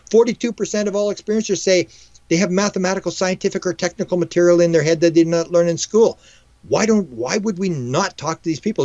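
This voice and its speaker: A man, a UFO researcher and guest, telling stories in a rapid, animated way, often restarting and acting out dialogue. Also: fairly high pitch, no echo. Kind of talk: animated storytelling. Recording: dull lo-fi, dry sound.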